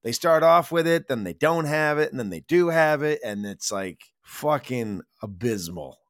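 A man's voice: mid-range voice, expressive, moderate pace, a bit bright. Profane ranting American man. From United States. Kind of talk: casual film-review chat.

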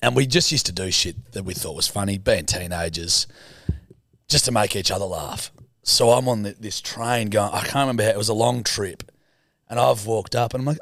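A man's voice: lowish voice, fairly quick, no echo, clean studio sound. A young Australian man hosting a podcast, telling a story in casual chat and slipping into put-on voices. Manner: animated, slips into put-on voices. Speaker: podcast host.

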